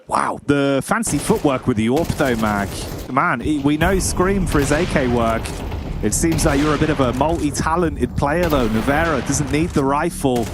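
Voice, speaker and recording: A man's voice: on the high side, expressive, normal speed, noisy background. A man doing color commentary on an esports match, chatty and jokey, calling his co-caster mate. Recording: game gunfire audible behind.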